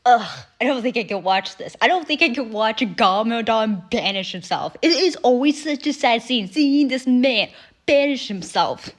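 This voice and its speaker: Young woman reacting to a cartoon, kinda high voice, chatty, drops the odd curse. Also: normal speed. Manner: animated, chatty, swears casually. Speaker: reaction video host. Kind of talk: casual chat.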